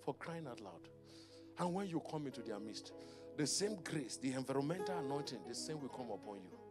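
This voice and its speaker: A man preaching a sermon as pastor, telling a personal story in a lively storytelling manner. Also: medium pitch, a little fast, music in the background. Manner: storytelling preacher, rising to shouted prayer in tongues.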